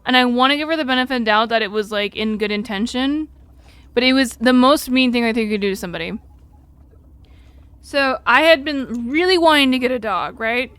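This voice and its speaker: A woman's voice: fairly high pitch, fairly quick, a bit bright, smooth, no echo. A young woman live streamer telling a personal story in a casual, rambling way, full of "like" and casual swearing, between reading chat. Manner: rambling, candid, fillers like "like" throughout.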